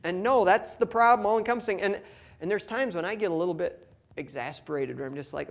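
A man's voice: high-pitched, vocal fry. Casual, joking young man preaching. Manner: conversational and humorous, reading scripture slowly. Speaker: pastor. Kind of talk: sermon.

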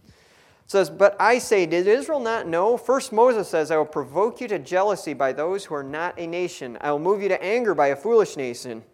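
Folksy high-voiced preacher. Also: male voice, expressive, normal speed. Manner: folksy, with frequent asides. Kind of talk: conversational Bible teaching.

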